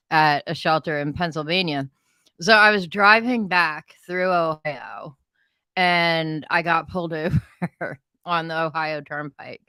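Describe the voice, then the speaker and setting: A woman from the Philadelphia area co-hosting a podcast, telling anecdotes in a casual, lively, profane way. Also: low voice, smooth, dry recording. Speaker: podcast co-host. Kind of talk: casual chat.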